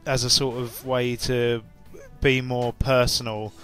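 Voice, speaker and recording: Freshly awake, tired and hiccuping, this young YouTuber from England rambles to camera in an English accent, full of fillers and false starts. His mid-range voice stays level and fairly bright as he takes his time. Faint music sits in the background.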